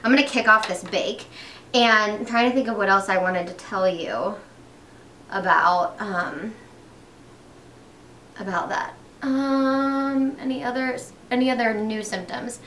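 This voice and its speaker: A woman's voice: fairly high pitch, pushed and bright, reverberant, far from the mic, a little hiss or hum. A young pregnant woman chatting casually while doing her makeup, upbeat, with lots of fillers and restarts. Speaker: beauty vlogger.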